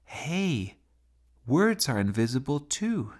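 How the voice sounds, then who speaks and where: A man voicing an earnest, curious young boy in a children's storybook reading, his voice raised high. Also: very animated, takes it slowly.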